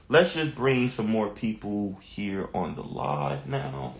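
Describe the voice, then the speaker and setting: A man's voice: on the low side, big pitch swings, takes it slowly, gravelly, few pauses, roomy sound. A man hosting a live stream as a spiritual coach, giving earnest, encouraging advice in a casual way.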